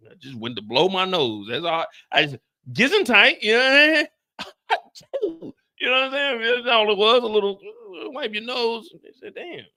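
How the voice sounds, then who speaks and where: A man's voice: very high-pitched, animated, moderate pace, sharp tone. A man streaming a casual, profane chat to viewers, talking in an exaggerated, comically exasperated way and sounding tired. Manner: profane, repetitive storytelling. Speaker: show recap streamer.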